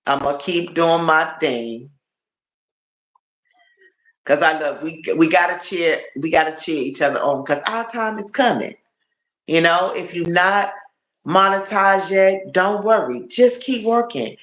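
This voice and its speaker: Tired guy on a phone live, kinda high voice, talks real slow, echoey room, keeps saying y'all. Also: expressive, a bit bright. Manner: chatty, repeats phrases, addresses viewers as y'all. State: tired and achy. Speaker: livestream host. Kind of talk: casual live-stream chat to viewers.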